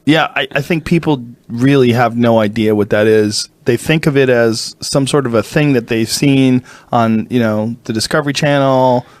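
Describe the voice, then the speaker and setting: A man hosting a podcast, talking in casual conversation, an animated storyteller who swears freely. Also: mid-range voice, moderate pace, few pauses, dry recording. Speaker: podcast host. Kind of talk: casual long-form conversation.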